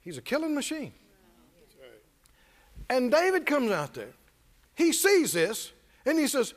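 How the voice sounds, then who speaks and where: High-voiced folksy man preacher. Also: huge pitch swings, unhurried, long pauses. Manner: humorous, folksy storytelling. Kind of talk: sermon with call-and-response. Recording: reverberant church hall.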